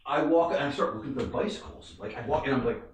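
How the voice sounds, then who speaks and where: A man's voice: medium pitch, fast talker, slight background noise. A young man, a stand-up comic, telling a wild story on a podcast, casual and profane, acting out the people in it. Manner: animated, profane, acts out voices. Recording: echoey room, distant mic.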